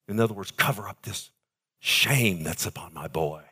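A male pastor preaching a sermon, swinging between loud emphasis and quiet asides and calling for amens. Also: sits low, normal speed, slightly rough.

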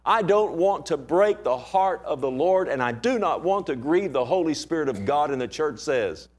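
A man preaching a sermon with passion, firing off rhetorical questions and swinging between loud and hushed delivery. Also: fairly high pitch, animated, normal speed.

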